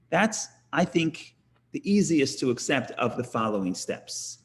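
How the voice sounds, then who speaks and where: A middle-aged man leads a Talmud class in a loose, conversational way, often restarting his sentences. He acts out the people in his examples, and his voice sits at an ordinary middle pitch. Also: big pitch swings, a little slow. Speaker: rabbi teaching Talmud class. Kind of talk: informal lecture with storytelling.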